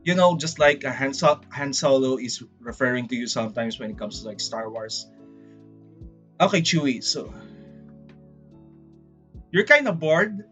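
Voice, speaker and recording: A man with a Filipino accent chatting casually on a livestream, rambling and excitable, often saying "freaking". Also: medium pitch, normal speed, long pauses, faint music behind. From Philippines. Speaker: VTuber streamer.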